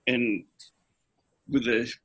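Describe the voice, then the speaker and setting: Husky man telling a rambling story. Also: medium pitch, flat delivery, drawn-out words, fairly bright tone, dull audio. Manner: rambling storyteller, restarts a lot. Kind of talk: casual chat.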